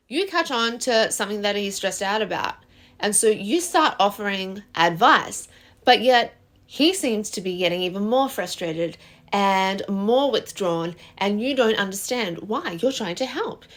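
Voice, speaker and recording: Lady vlogger chatting about relationships, mid pitch, lively storytelling. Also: measured pace. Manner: expressive, animated storytelling. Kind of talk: casual relationship advice vlog.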